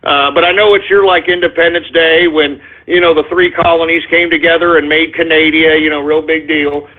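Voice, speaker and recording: A man's voice: fairly high pitch, flat delivery, normal speed. A man hosting his own talk radio show, ranting crudely and getting agitated, with constant "you know" and "all right?" asides. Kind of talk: solo talk radio rant with listener shout-outs. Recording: tinny phone-like line.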